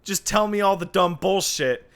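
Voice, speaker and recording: A man's voice: high voice, moderate pace, a bit bright. A man co-hosting a podcast in casual chat, making wry, joking asides. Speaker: podcast co-host.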